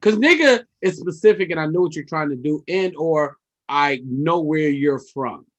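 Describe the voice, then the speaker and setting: A man co-hosting a comedy podcast in casual chat, acting out quotes in loud voices. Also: on the high side, animated, normal speed, lo-fi sound. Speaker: podcast co-host.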